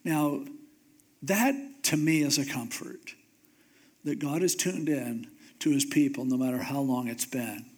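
A man pastor giving a conversational, humorous sermon, slowing down for emphasis. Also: medium pitch.

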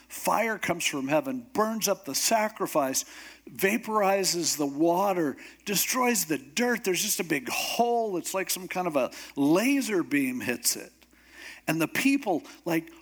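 Animated preacher man acting out a story. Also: a little high, a little slow. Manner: animated, acts out voices of characters; humorous asides. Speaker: pastor. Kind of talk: sermon storytelling.

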